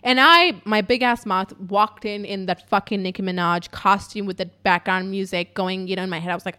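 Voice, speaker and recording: A woman hosts her own podcast and rambles through a personal story in a loose, chatty way. She swears freely and fills the gaps with "like" and "um", and her voice goes from loud and animated to hushed asides. Her pitch sits in the middle for a woman. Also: moderate pace, few pauses. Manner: chatty and profane, with lots of fillers. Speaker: podcast host.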